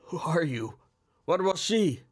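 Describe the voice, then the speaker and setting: A man's voice: a little high, expressive, takes it slowly, pitched above the performer's own voice. Brief: a man doing a bewildered old inspector, shaky and pleading, in an audiobook. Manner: stammering, pleading. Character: old male police inspector, wounded and bewildered.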